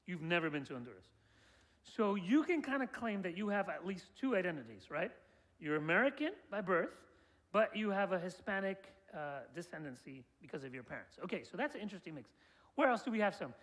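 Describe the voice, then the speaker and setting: A man's voice: sits high, very animated, a little fast, a bit bright. A man guiding a group through an interactive presentation about an upcoming tour. He keeps asking the audience questions and praising their answers. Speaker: tour guide presenting a trip.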